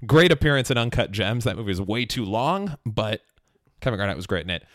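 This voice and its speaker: Lively-pitched man with dry wit. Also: no echo. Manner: dry, wry asides and measured explaining. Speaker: podcast co-host. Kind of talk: casual chat.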